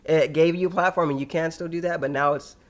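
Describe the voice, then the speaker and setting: A young man co-hosting a podcast in casual chat, slangy and animated, often laughing as he tells stories. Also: on the high side, fast talker. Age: young adult. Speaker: podcast co-host.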